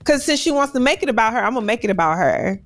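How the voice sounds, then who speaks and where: A woman hosting a podcast in casual interview chat. She is playful, laughs often and talks in quick asides. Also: a little high, animated. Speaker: podcast host.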